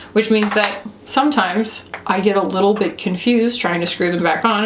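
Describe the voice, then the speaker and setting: A woman's voice: mid-range voice, fairly bright tone, reverberant, a little hiss or hum. A woman doing a casual, playful makeup review, chatting to herself as she applies products. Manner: bubbly, playful, talks to herself while applying makeup. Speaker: beauty reviewer.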